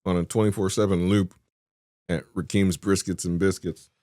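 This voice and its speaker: Co-hosting a podcast, this man rambles through a movie review full of tangents and frequent laughter. His voice sits low and warm with a level tone at normal speed, captured in a dry, studio-quality recording.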